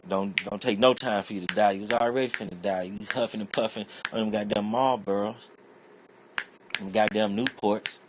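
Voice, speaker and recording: A man's voice: on the low side, background noise. A man delivering a rambling, profane comedic rant in a streetwise, conversational way. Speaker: internet comedian.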